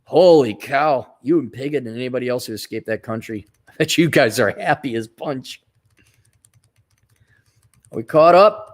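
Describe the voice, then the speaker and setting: A man's voice: mid-range voice, normal speed, pauses often. A man hosting a casual livestream, reading out viewer donations and giving blunt, rambling opinions with frequent restarts.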